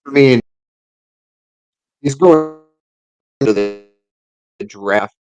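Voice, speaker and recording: A man's voice: mid-range voice, very slow, lo-fi sound. A man co-hosting a casual sports podcast who rambles and restarts his sentences often. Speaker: podcast co-host.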